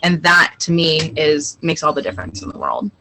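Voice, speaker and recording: A woman in her thirties, a guest on a video-call interview, telling animated stories about her family. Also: low-pitched, normal speed, a crowd in the background, rough recording. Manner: animated storyteller, acts out family dialogue. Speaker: guest, client. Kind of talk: casual interview chat.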